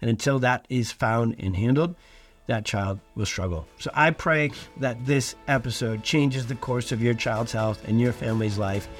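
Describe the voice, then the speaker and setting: A man's voice: medium pitch, normal speed, soft background music. A middle-aged man from Iowa hosting a podcast, speaking in an earnest, emphatic, almost preacher-like way. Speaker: podcast host. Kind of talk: podcast monologue.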